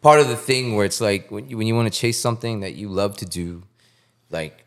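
Animated storytelling man, casual swearing. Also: fairly low pitch, brisk. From Puerto Rico. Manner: animated, swears freely, acts out other people's voices. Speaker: guest artist.

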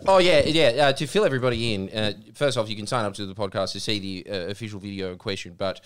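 A man hosting a podcast, joking and swearing in a relaxed chat, laughing often. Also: on the low side, fast, smooth. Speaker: podcast host. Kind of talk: casual chat.

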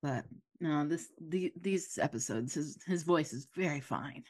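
A woman's voice: low voice, unhurried, a little mellow, no room sound. A woman co-hosting a podcast, chatting casually about a TV show, gushing and trailing off mid-thought. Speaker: podcast co-host. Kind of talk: casual chat.

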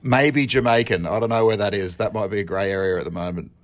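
A young man calling into a podcast, recorded on his phone, talking in an excited, rambling way and laughing often. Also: on the low side, quick pace. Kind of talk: casual chat.

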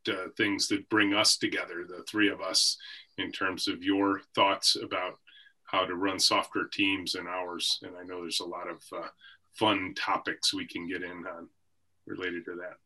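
Husky-voiced man, bright and forceful. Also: deep voice, little pitch movement, moderate pace. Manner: reflective, story-telling, occasional laughs. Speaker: company CEO and guest. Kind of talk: conversational podcast interview. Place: office with a team room behind him.

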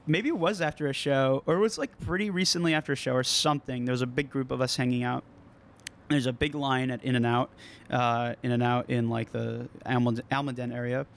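A man's voice: medium pitch, creaky. A young man from California, a band member, chatting casually on a podcast, swearing often and acting out the people in his stories. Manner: laid-back, swears often, acts out quoted people. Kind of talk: casual chat.

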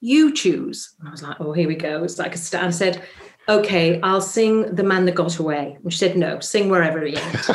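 A woman's voice: lowish voice, moderate pace, a little hiss or hum. A Welsh woman, a musical theatre actress, telling a story in a chatty interview full of ums. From Wales. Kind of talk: casual interview anecdote.

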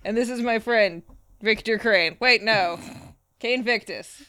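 A player in a tabletop role-playing game, joking with quick asides while speaking in character. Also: medium pitch, pushed and bright, clean tone, no room sound, studio quality.

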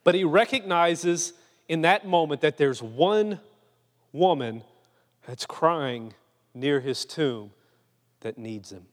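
A young man preaching a sermon in a casual, storytelling way, sometimes lively and sometimes hushed and earnest. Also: on the high side, slow, pauses often, in a large hall.

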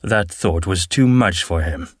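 A man narrating a fantasy audiobook in a steady, measured way. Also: deep voice, no echo, studio quality. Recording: narration with faint background music.

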